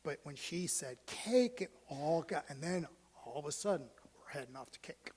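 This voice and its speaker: A male pastor telling a story in a sermon, moving from hushed, almost whispered lines to loud, animated ones. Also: fairly high pitch, moderate pace, breathy edge. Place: church sanctuary. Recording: long church hall reverb.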